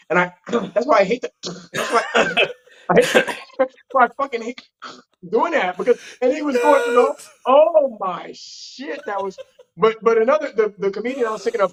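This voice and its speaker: A man co-hosting a podcast in casual chat, rambling and restarting sentences, swearing casually. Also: high voice. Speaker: podcast co-host. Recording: slightly dull lo-fi sound.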